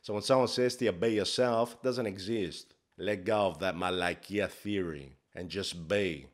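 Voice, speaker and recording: A man's voice: low voice, normal speed, lightly acted. A man playing a brash, crude life coach, swearing in a swaggering, mock-profound comic monologue. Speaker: comedy character host.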